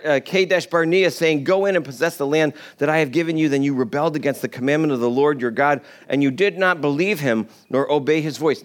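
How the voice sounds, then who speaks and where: A man preaching a casual sermon, retelling scripture in a chatty, joking way and briefly acting out complaining voices. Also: mid-range voice. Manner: storytelling, acts out complaining voices in paraphrase.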